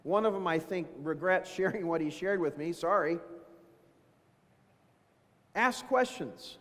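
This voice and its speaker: A man's voice: a little high, a little fast. Folksy man speaking in a reverberant hall. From Dayton, Ohio. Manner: folksy storytelling, self-deprecating asides. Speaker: keynote speaker. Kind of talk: motivational business talk. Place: large event hall.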